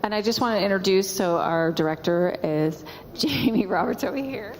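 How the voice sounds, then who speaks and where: A woman's voice: mid-range voice, normal speed, background noise. A woman who volunteers with a theater guild, chatting and introducing people while moderating audience questions. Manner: friendly, chatty, laughing. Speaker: parent volunteer moderating talkback. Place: school auditorium. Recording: reverberant auditorium with crowd.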